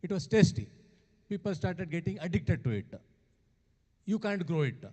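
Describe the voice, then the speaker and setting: Mellow-voiced man. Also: high voice, animated, normal speed, breathy edge. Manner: hesitant, many fillers and restarts. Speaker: panelist at a medical education session. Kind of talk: discussion remarks.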